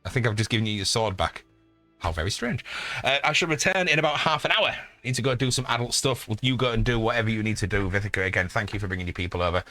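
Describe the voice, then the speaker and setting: Bright-voiced northeast English streamer, forties. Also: male voice, lowish voice, fast, faint music behind. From northeast England. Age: 40s. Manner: rambling, swears freely, bursts into excited greetings. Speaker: video game streamer. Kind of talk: casual live-stream chat.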